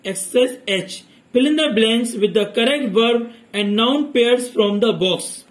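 A male teacher with a very high voice goes through grammar exercises, reading every sentence aloud and explaining each answer steadily and methodically. He keeps a measured pace, though the audio quality is poor.

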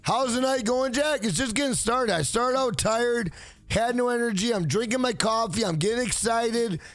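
A man hosting a casual livestream, loud, profane and joking as he reads chat aloud. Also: very high voice, moderate pace, no echo, soft background music. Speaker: livestream host.

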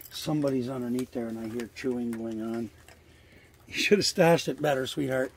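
Outdoors by a trailer near the woods, an older man rambles through a casual vlog, fondly coaxing animals and occasionally swearing. His medium-pitched voice is a little mellow, and a slight hiss or hum runs underneath.

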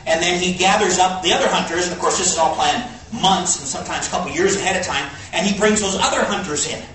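A man preaching a sermon, telling a folksy story in an animated way and swinging between quiet low asides and high exclaims. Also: fast. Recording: echoey hall from far off, faint hiss.

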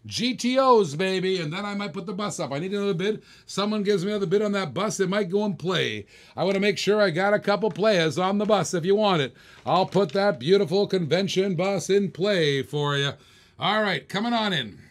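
A man's voice: sits high, brisk. A man hosting a live online auction, chanting bids in a hyped, repetitive patter and calling viewers baby. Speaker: live stream auction host.

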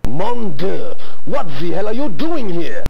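A haughty photographer with a put-on French accent for an adventure game. His voice is gravelly and swoops wildly up and down as he brushes callers off. He sounds dismissive and brusque. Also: high voice, sing-song, a little slow, darkish tone, heavily acted. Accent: fake French. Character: snooty exclusive male photographer, brusque.

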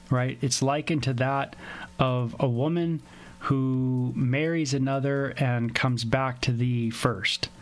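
A man leading a relaxed Bible teaching from his home. He talks in an easygoing, conversational way and slips into quick skits with other voices. His voice sits at an ordinary middle pitch.

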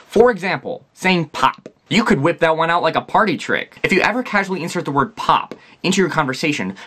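Lively young Minnesotan man joking. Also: fairly high pitch. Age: young adult. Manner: joking, puts on quick voices for quoted people. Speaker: vlogger. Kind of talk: comic vlog monologue.

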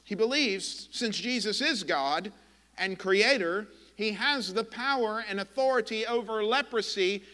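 Male pastor, high and bright voice, slow deliberate impassioned sermon delivery. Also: big-room sound. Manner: impassioned, emphatic preaching with dramatic pauses. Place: church sanctuary.

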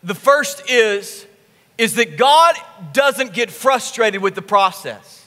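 A male pastor preaching a sermon, telling the story with animated, emphatic repetition. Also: very high-pitched, slow pace, big-room sound. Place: church sanctuary.

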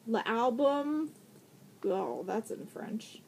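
A woman in her thirties gushing with excitement as she unboxes craft supplies in a casual vlog, thanking the sender again and again. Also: a little high, very slow, gravelly, slight background noise. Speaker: vlogger unboxing craft mail.

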